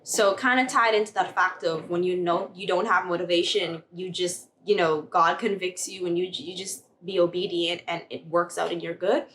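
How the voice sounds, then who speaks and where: A young woman vlogging at home, animated as she tells a personal faith story and acts out the dialogue. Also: on the low side, moderate pace, hardly any pauses, a little hiss or hum. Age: young adult. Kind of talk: casual testimony vlog.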